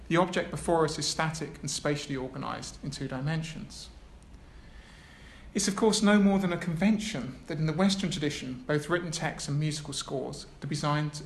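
An academic speaker with a voice on the high side gives a lecture in a lecture room, reading a prepared text with hesitant asides. The room is echoey, and there's faint background noise.

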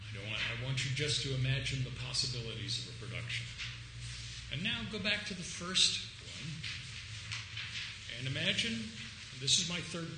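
Animated male lecturer in an echoey room. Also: medium pitch, normal speed, long pauses, noisy background. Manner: animated, emphatic, acts out quoted lines. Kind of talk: academic lecture.

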